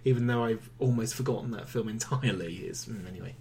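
A man's voice: on the low side, quick pace, creaky, a little mellow, slight background noise. A man co-hosting a film review podcast, chatting casually with a wry, teasing manner.

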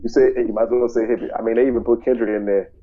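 A man's voice: mid-range voice, steady tone, rapid-fire, lo-fi sound. A man co-hosting a casual movie podcast, blunt and opinionated, who often repeats himself. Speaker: podcast co-host.

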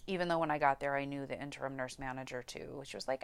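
A woman's voice: rumbling low, quick pace, vocal fry, hardly any pauses, clean tone. A young woman hosting a podcast, candidly telling a personal story, swearing freely and getting close to tears. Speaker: podcast host.

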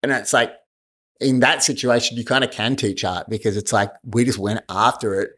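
Aussie bloke yarning about a gym fight, swears a lot, laughs, medium voice. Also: male voice, medium pitch, normal speed, breathy edge. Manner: animated, swearing, laughing often. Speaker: guest, martial arts fighter. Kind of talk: casual storytelling chat.

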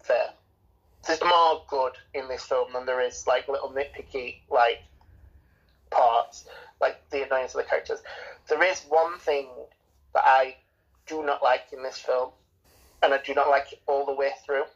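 A woman's voice: very deep voice, fairly even intonation, moderate pace, pauses often, slightly rough. A woman co-hosting a casual film review chat, ranting and swearing as she mocks the characters. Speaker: podcast co-host. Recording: dull lo-fi recording.

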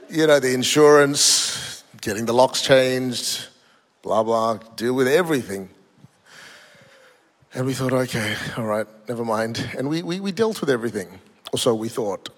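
Gravelly pastor preaching in a hall. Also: male voice. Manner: storytelling, emphatic, builds to high-pitched peaks. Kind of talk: sermon with personal story. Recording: echoey hall.

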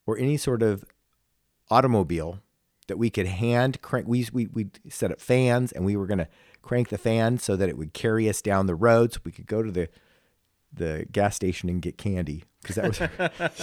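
A man with a deep voice tells a personal story on a casual talk show, reflective and emotional. He halts often and restarts his sentences. The recording is close and dry, with no room sound. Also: darkish tone, no room sound. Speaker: podcast co-host.

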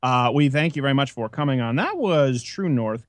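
Animated joking male podcast host. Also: medium pitch, moderate pace, few pauses, music in the background. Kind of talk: casual comedic podcast banter.

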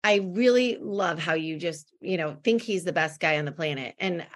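A woman's voice: lowish voice, lively intonation, moderate pace. A woman hosting a podcast interview, gushing and effusive as she praises her guest. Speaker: podcast host. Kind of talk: casual interview chat.

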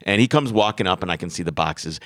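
A middle-aged man co-hosting a casual car podcast, telling animated stories and imitating people he met. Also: deep voice, fast, no echo. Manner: animated storytelling, mimics people. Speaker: podcast co-host.

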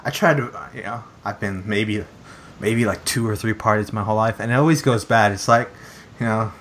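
A man's voice: fairly low pitch, normal speed, fairly bright tone, a little hiss or hum. A young man in casual chat, rambling with many fillers and repeated phrases.

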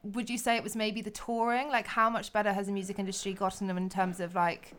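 A woman interviewer asking questions and trading stories in a quick, chatty way. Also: mid-range voice, flat delivery, fairly bright tone. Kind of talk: casual interview chat.

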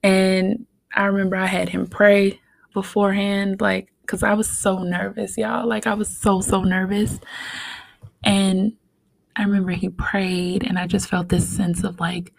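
Slow, soft-spoken young woman telling her story. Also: mid-range voice, little pitch movement, creaky, no echo, rough recording. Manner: soft-spoken, heartfelt, with many fillers. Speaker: podcast guest. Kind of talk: personal storytelling.

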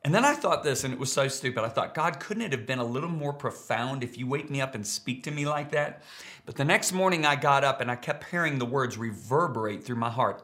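A middle-aged pastor preaching a sermon, emphatic and repeating key words for stress. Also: male voice, mid-range voice, expressive, a little fast, fairly bright tone.

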